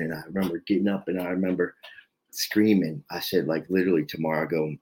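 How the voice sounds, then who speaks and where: Low-voiced man in his fifties from South Jersey, halting confessional guest storyteller, lots of fillers. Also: a little mellow, slightly rough, low-quality recording. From South Jersey, USA. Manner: halting, repetitive, many "you know" fillers. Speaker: podcast guest in recovery.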